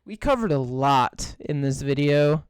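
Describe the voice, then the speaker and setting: A man's voice: medium pitch, expressive, unhurried, clean tone, no room sound, poor audio. A young man co-hosting a podcast, ranting in casual chat with lots of swearing and fillers. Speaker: podcast co-host.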